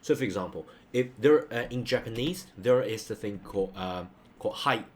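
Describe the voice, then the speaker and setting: Male tutor, lowish voice, casual and chatty, keeps asking "okay?". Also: moderate pace, darkish tone. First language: Mandarin. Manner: loose and chatty, ends points with a checking "okay?". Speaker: online Mandarin teacher. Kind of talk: casual screen-share lesson.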